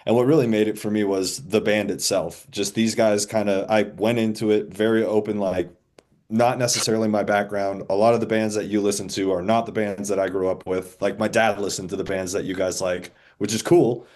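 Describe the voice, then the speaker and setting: A man in his forties, a band's drummer, talking in a relaxed, rambling, self-deprecating way as a podcast guest. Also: lowish voice, brisk. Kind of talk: casual podcast chat.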